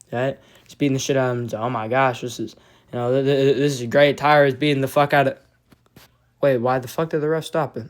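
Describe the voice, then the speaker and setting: A man's voice: mid-range voice, clear, resonant tone. A man giving a casual, profane fan reaction to fight results, rambling with many restarts and sounding agitated and frustrated. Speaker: MMA fan commentator.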